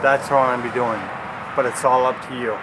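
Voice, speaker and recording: A man speaking as an author and motivational speaker, making an earnest, emphatic direct appeal in short phrases with pauses. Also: mid-range voice, level tone. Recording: traffic noise outdoors.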